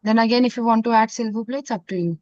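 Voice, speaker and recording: A woman's voice: a little high, darkish tone, no room sound. Indian woman teaching French phrases. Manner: mixes Hindi into English teaching, repeats French phrases slowly. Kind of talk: online classroom lesson. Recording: dull, dry lo-fi sound.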